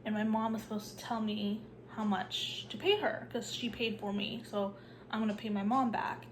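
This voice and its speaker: Background noise accompanies a young woman vlogging while sick, coughing and sore-throated. At a mid-range pitch and normal speed, she chats casually, peppers her speech with "like," and drops to a whisper at moments.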